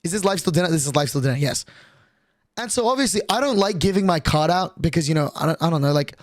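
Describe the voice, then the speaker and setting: A young man streamer telling a long story in a rambling, animated way, full of swearing. His voice is a little higher than most men's. The sound is dry and close. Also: fast talker, no room sound. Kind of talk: casual storytelling on a livestream.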